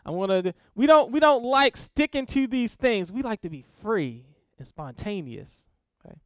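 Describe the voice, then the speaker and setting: A man's voice: high voice, very animated, moderate pace, a bit bright, clean tone, no echo, studio quality. A man teaching an informal sermon on spiritual disciplines, talking conversationally and often checking in with his listeners. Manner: conversational, checks in with frequent "okay?" and "right?".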